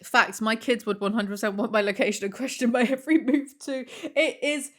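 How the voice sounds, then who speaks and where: A woman in her thirties reading Reddit posts and text messages aloud, sarcastic, deadpan and swearing freely. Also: on the high side, brisk. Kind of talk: casual reaction commentary.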